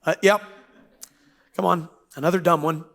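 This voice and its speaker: High-voiced man preaching casually. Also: fairly even intonation, vocal fry, fairly bright tone. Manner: casual, joking preacher with quick asides. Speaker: pastor. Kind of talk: sermon. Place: church.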